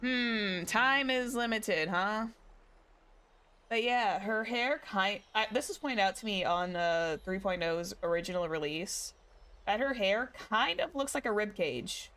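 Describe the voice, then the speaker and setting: Her voice is medium-pitched and fairly bright, her pace measured, as this young woman streams a game as a VTuber, giving rambling live commentary full of self-corrections.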